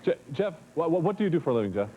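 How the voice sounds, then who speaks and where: A man's voice: a little high, sing-song, rapid-fire, dull audio, a little hiss or hum. A man co-hosting a TV talk show, joking around and stammering over his words. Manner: stammering, jokey, repeats words. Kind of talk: jokey TV talk chat.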